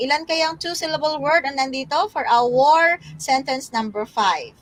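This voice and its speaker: Filipino woman, online tutor, high voice, filler-heavy. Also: normal speed, few pauses. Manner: reads out learners' names, many fillers. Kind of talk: live online lesson.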